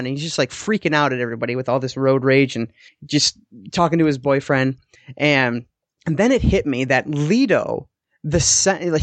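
A man's voice: fairly high pitch, dry recording. A man co-hosting a podcast, casually recapping a TV episode in a rambling way with the odd swear word. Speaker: podcast co-host.

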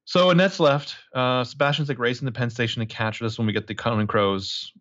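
A man's voice: medium pitch, steady tone, fast talker, a bit bright, highs cut off. A man casually recapping a movie as a podcast co-host, crude and joking, rambling with lots of fillers.

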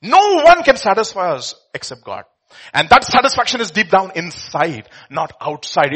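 Emphatic, high-voiced male preacher. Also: a bit bright, slightly rough. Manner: emphatic, asks the congregation questions. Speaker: pastor. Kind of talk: sermon.

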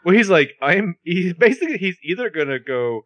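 A man's voice: high-pitched, big pitch swings, a little fast, a bit bright, dry recording. A man co-hosting a casual podcast, joking with wry asides while recapping a show. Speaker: podcast co-host recapping a TV episode. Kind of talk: casual chat.

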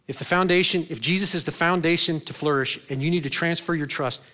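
A man preaching a sermon as pastor, swinging between loud, high bursts and quiet, low stretches, and asking the congregation questions he answers himself. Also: fast talker.

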